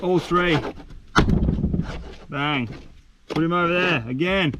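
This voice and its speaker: An Australian man vlogging outdoors on a windy coast, talking in an energetic, slangy, enthusiastic way. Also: sits high, normal speed. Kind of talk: casual vlog narration.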